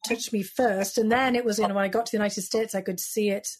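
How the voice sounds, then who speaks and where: A woman's voice: mid-range voice, steady tone, fast talker, husky. A British woman in her fifties, a guest in an interview, telling stories reflectively with many casual fillers. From United Kingdom. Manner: reflective, storytelling, frequent "you know" fillers. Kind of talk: conversational interview.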